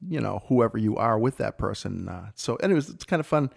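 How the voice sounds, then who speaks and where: A man who teaches improv, telling stories about his classes in a casual conversation, his voice swinging up with excitement and trailing off quietly. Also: on the low side, fairly quick, gravelly.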